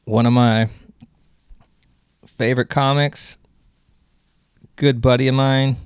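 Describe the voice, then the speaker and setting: A man's voice: mid-range voice, fairly even intonation, takes it slowly, clean tone, no echo. A man hosting a comedy podcast, rambling through jokes and cutting himself off mid-sentence. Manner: rambling, self-interrupting, joking. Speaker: podcast host.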